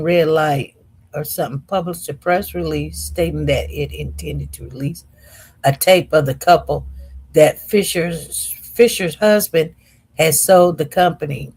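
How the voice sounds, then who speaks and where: Slow, chatty woman livestreaming. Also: low-pitched, darkish tone, breathy edge. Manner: chatty, slow and meandering, addresses viewers as y'all. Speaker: livestream host. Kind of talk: casual livestream chat reading comments.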